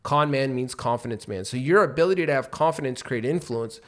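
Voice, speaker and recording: A man co-hosting a business podcast, teaching with lively examples and acting out rising and falling tones. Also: mid-range voice, brisk. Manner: animated, acts out rising and falling tones to make points. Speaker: podcast co-host. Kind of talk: coaching podcast talk.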